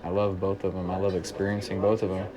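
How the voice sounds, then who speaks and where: A man's voice: low-pitched, flat delivery, quick pace. A man from Central Illinois with a slight small-town country twang, telling stories in an easygoing interview, with plenty of "kinda" and "uh". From Central Illinois, United States. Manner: easygoing storyteller, many "kinda" and "uh". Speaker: musician interviewee. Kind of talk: relaxed interview talk. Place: working man's bar. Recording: noisy bar with crowd chatter. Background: bar crowd chatter.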